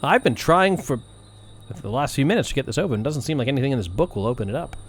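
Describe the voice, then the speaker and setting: A man voicing an adult woman mage who talks quickly and sounds exasperated in a tabletop game. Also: medium pitch, animated, lightly acted. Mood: impatient. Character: impatient adult woman, a mage waiting by the ice wall.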